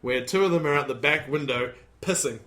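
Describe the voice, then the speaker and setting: A man's voice: on the high side, fairly quick, noisy background. A man hosting a casual podcast chat, telling stories in a rambling, joking way. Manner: jokey, rambling storyteller who slips into mock voices. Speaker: podcast host.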